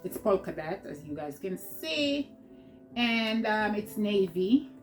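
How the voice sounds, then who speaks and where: A woman's voice: medium pitch, very animated, takes it slowly, faint music behind. A woman with a Jamaican accent talking through a clothing haul in a chatty, rambling way, laughing often, seated at home. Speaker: vlogger. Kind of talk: casual haul vlog.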